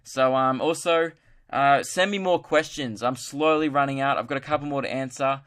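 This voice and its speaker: A man's voice: mid-range voice, moderate pace, fairly bright tone. A young man hosting a solo podcast, chatting casually in a rambling, joking, self-mocking way. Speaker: podcast host.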